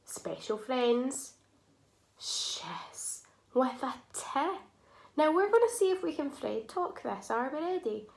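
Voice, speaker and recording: A woman teaching a phonics lesson to young children, sounding out words slowly and clearly and praising often. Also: high voice, very animated, darkish tone.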